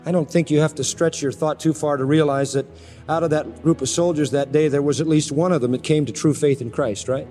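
Emphatic preacher in a reverberant hall. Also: male voice, fairly high pitch, fairly quick, dark tone, soft background music. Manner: emphatic, rising and falling for stress. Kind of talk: expository sermon.

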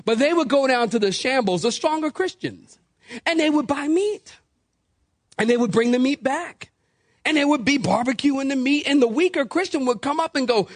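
A male pastor delivers a sermon in a high, animated voice that leaps up and down. He jokes, acts out the people he quotes, and calls for responses from the congregation. The sound is close and dry. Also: moderate pace, no room sound.

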